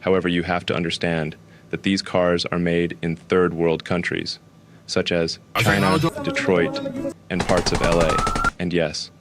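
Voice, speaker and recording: A man playing a smug, careless tech billionaire in a comedic interview sketch, speaking in a flat, offhand deadpan. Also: low voice, unhurried, noisy background.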